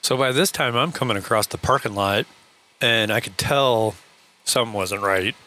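A man's voice: on the low side, moderate pace, bright, forceful tone. A man co-hosting a podcast and retelling a story in casual talk, full of quoted dialogue. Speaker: podcast co-host, truck driver.

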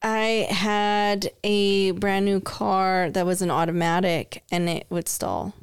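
Smooth-voiced woman, dry close sound. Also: mid-range voice, fairly even intonation, takes it slowly, no echo. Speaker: podcast co-host. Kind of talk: casual chat.

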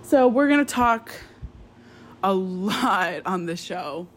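A woman's voice: medium pitch, expressive, slow pace. A woman in her twenties hosting her own podcast, chatting candidly in a rambling, casual way with lots of ums. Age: 20s. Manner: rambling, candid, with frequent ums and self-interruptions. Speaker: podcast host. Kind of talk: casual solo podcast chat. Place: indoors at home.

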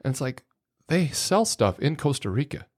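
A man's voice: a little high, big pitch swings, normal speed, a little mellow. A middle-aged man, a podcast guest, telling rambling, folksy anecdotes full of quoted dialogue in a casual way. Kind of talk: casual storytelling.

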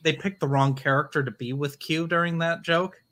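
A man co-hosting a casual film review chat, blunt and quick to call scenes dumb. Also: fairly high pitch, fairly even intonation, sharp tone, slight background noise. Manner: blunt, dismissive quips. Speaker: podcast co-host.

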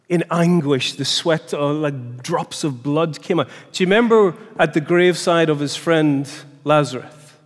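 A man giving a lively church seminar talk, often putting questions to the audience and restarting his phrases. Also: on the high side. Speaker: seminar speaker. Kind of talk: teaching talk. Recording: long hall reverb.

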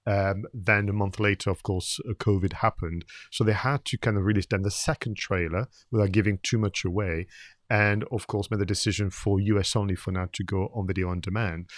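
A man's voice: fairly low pitch, no room sound, studio quality. A man co-hosting a podcast, chatting casually about film marketing with frequent fillers and restarts. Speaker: podcast co-host.

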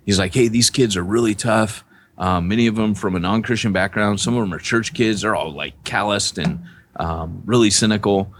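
Deep-voiced man telling a story. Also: brisk, a little hiss or hum. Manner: rambling, animated storytelling with frequent restarts. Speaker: podcast co-host, church planter. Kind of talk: casual storytelling on a podcast.

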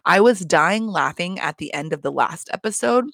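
A woman's voice: on the low side, animated, normal speed, gravelly, fairly bright tone, no room sound. A woman hosting a casual reality TV recap, talking bluntly with constant swearing and exasperated rants. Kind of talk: casual profane recap chat.

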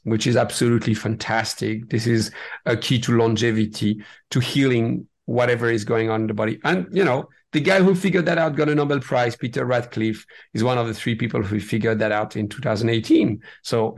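Enthusiastic man explaining breathwork. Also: mid-range voice. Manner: enthusiastic, animated, many restarts and repeated words. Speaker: breathwork facilitator, guest. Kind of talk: interview conversation.

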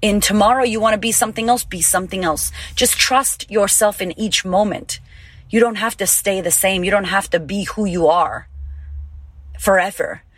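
A woman's voice: mid-range voice, normal speed, husky, no echo. A woman in her thirties hosting a podcast, giving a casual motivational talk in a blunt, emphatic way, swearing freely. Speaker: podcast host and confidence coach.

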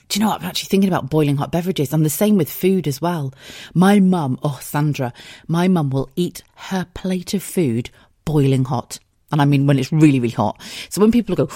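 A woman's voice: sits low, a little mellow, no room sound, clean studio sound. Giggly, chatty English woman podcaster. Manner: chatty, giggly, swears freely. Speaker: podcast host. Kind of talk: casual solo podcast chat.

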